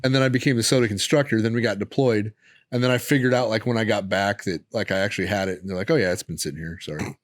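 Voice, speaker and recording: A veteran man co-hosting a podcast, telling stories in a lively, profane casual chat. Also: fairly low pitch, quick pace, no echo, studio quality.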